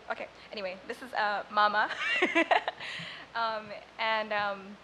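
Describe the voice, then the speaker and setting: A woman's voice: mid-range voice, little pitch movement, unhurried, sharp tone, a little hiss or hum, low-quality recording. A young woman from Sudan whose first language is Arabic, performing spoken word poetry live and chatting casually between poems. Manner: chatty and self-deprecating between poems, rhythmic when reciting.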